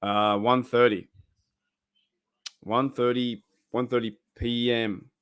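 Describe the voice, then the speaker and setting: Speaking slowly and flatly, this young Australian livestream host has a medium-pitched, fairly bright, clean voice. He chats loosely, wanders from topic to topic, and reads out messages from his viewers.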